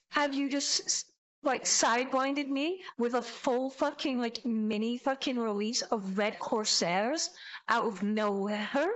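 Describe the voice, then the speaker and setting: Young woman, streamer, casual reaction commentary, excitable, rambling, swears a lot, slightly high voice. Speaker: VTuber streamer.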